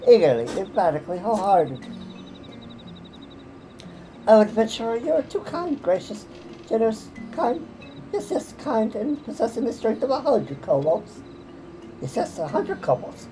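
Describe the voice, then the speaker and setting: Woman putting on a squeaky scared kobold, whiny and jumpy, swoops all over the place, soft music behind. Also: sing-song, moderate pace, long pauses, low-quality recording. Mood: pleading. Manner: panicky, piles up synonyms, whiny. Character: frantic cowering male kobold, small and fearful.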